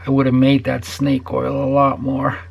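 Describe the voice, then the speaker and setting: Older guy guitar builder grumbling and cursing about customers, husky and gravelly, slow. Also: medium pitch, completely flat delivery, muffled recording. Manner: profane ranting, trailing into whispers. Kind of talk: ranting vlog to camera.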